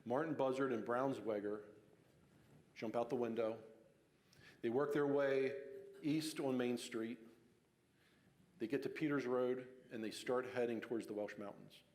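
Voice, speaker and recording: A man's voice: mid-range voice, a little slow, long pauses, darkish tone. A man from giving a casual public talk on local history, telling the story conversationally with fillers and restarts. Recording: long hall reverb.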